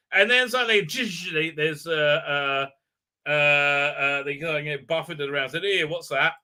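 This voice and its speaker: High, bright-voiced sarcastic male reviewer. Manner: sarcastic, rambling with many fillers. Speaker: host. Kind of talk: live-stream episode recap.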